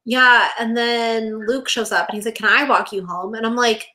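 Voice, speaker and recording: A woman's voice: on the high side, steady tone, moderate pace, pushed and bright. A young woman co-hosting a podcast, chatting casually about a TV episode, full of "like" and acting out characters' lines. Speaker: podcast co-host. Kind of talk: casual chat recapping a TV episode.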